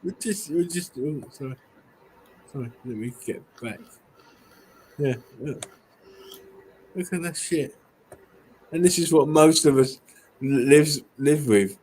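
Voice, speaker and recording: A man's voice: fairly high pitch, slow, long pauses, a little mellow, slight background noise, low-quality recording. An English man in casual livestream chat, rambling with plenty of swearing, stumbling restarts and laughs. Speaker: guest showing buildings on a live stream.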